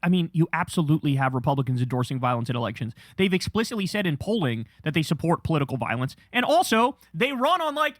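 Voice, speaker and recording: A man's voice: on the high side, very animated, fast talker, few pauses, fairly bright tone, dry recording, clean studio sound. A man giving blunt, profane commentary on a live stream, reacting to clips. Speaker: stream co-host. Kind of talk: casual commentary.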